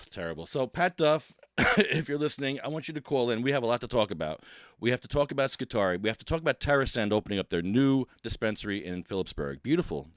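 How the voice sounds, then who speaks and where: A man's voice: medium pitch, lively intonation, fast, dry recording, studio quality. A man hosting a casual solo podcast, rambling and poking fun at himself, with lots of restarts. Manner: rambling, self-deprecating, with frequent restarts. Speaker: podcast host.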